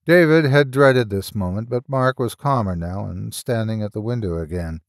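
A man reading a horror audiobook aloud with a dramatic, measured delivery and slow pauses. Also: lowish voice, dry recording, clean studio sound. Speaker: audiobook narrator. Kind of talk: scripted horror audiobook narration.

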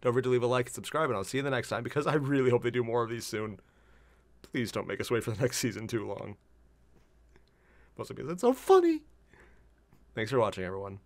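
An excitable reaction host comments casually and swears freely. The pitch is animated and the sound is dry and close. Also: fast, pauses often, no room sound.

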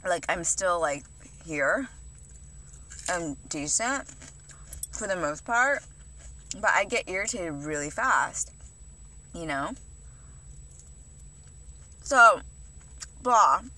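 A woman's voice: lowish voice, expressive, very slow, long pauses, pushed and bright. A young woman vlogging in a rambling, confessional way, swearing a lot and filling her talk with "like" and "you know". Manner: rambling, heavy swearing, many fillers. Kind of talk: casual confessional vlog.

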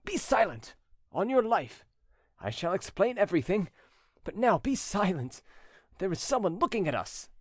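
Brief: a man reading as an agitated, high-strung nobleman, voice raised high, swinging widely. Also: sing-song, moderate pace, no echo, clean studio sound. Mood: stern. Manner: emotional, pleading, high-strung. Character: agitated grieving French nobleman.

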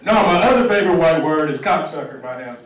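A man's voice: fairly high pitch, lively intonation, fast talker, heavy reverb, recorded from a distance, rough recording. A man in his thirties doing a loose, profane open mic stand-up set, acting out quotes. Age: 30s. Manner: loose, profane, conversational delivery with acted-out quotes. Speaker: stand-up comedian. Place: comedy club stage. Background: crowd laughing.

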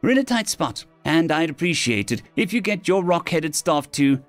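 A man's voice: fairly high pitch, big pitch swings, normal speed, soft background music, voice pushed up. A man doing a foul-mouthed woman general. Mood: brusque. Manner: blunt, profane, scolding.

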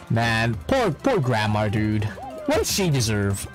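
A man telling stories casually as a streamer, excitable and swearing constantly. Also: on the low side, unhurried, over music, low-quality recording. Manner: profane, excitable storytelling. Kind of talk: casual chat.

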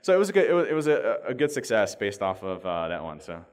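A quick-talking man telling a story at a conference, his mid-pitched voice tumbling along with fillers. The long reverb of a big hall follows every phrase. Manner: fast, animated storytelling with many fillers. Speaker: conference speaker.

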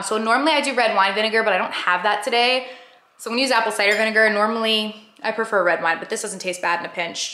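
A woman's voice: medium pitch, sharp tone. Chatty young woman in a roomy room. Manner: chatty, lots of "like" fillers. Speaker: vlogger. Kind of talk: casual vlog chat. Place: home, indoors.

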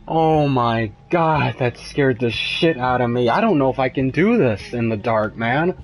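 A man's voice: medium pitch, lively intonation, slow. A young man streaming a horror game, muttering and cursing nervously, breaking into frightened yelps. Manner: profane, jumpy, muttering and yelping with fear. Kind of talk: frightened live gameplay commentary.

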